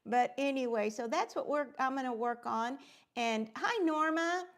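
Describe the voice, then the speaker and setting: A woman's voice: sits high, moderate pace. A woman hosting a casual crafting livestream, gushing as she greets viewers by name and rambling along with plenty of fillers. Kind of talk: casual live-stream chat.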